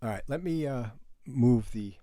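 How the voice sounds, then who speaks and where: A man's voice: mid-range voice, animated, moderate pace, dark tone. A man teaching an online music production class, explaining microphones in a casual way while he demonstrates the gear. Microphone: studio condenser microphone, moved around.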